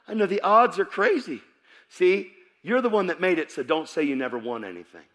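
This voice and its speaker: Animated preacher man with a lively voice. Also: high-pitched, fairly quick. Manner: animated storytelling that bursts into shouting. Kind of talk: sermon with personal testimony.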